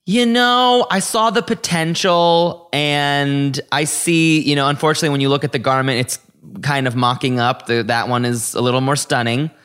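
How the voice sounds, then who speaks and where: A man's voice: a little high, normal speed, fairly bright tone, smooth. A man co-hosting a podcast, chatting casually and playfully about a show, tossing in quirky made-up words and stutters. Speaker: podcast co-host. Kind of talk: casual chat reviewing a show.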